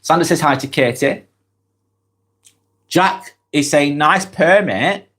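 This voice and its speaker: Speaking slowly in a higher, fairly bright voice, this live-stream vlog host has a Lancashire accent from northwest England and is fighting a cold. He keeps it casual and chatty, reading comments aloud and replying to each directly.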